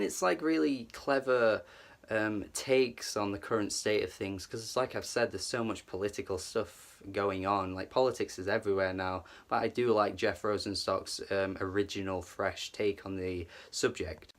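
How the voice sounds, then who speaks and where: A man with a fairly low voice reviewing an album in relaxed, casual talk. He sounds eager and swears a lot, with frequent restarts and stumbles. He is the channel's regular reviewer. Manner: loose and enthusiastic, swears, stumbles over words.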